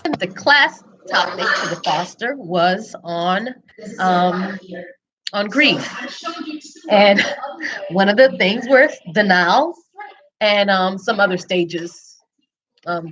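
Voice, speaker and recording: Woman, personal testimony, candid and reflective, lowish voice, loose unscripted delivery. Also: a bit bright, lo-fi sound. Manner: candid, reflective, frequent ums and restarts. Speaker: speaker sharing her story. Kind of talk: personal testimony, casual storytelling.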